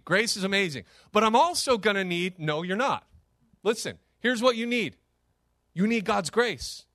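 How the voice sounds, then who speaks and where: A man preaching a sermon as pastor, animated and emphatic, with sudden rises and drops in his delivery. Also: high-pitched, no echo, studio quality.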